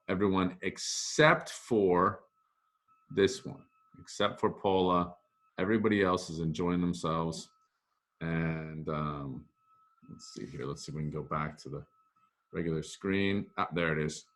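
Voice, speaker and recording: A man's voice: on the low side, fairly bright tone. A middle-aged male Latin teacher giving a casual, rambling lesson and often correcting himself. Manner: chatty, rambling, self-correcting.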